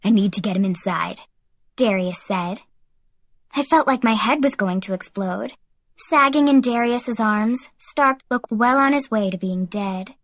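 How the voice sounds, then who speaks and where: Woman narrating a lively teen audiobook. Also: a little high, measured pace, dry recording. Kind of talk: first-person audiobook narration.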